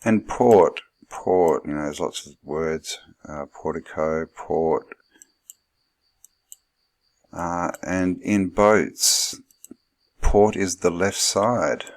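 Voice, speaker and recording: A man's voice: low-pitched, very slow, long pauses. A man hosting his channel, rambling through commentary on old photographs and thinking aloud with lots of fillers. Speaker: channel host.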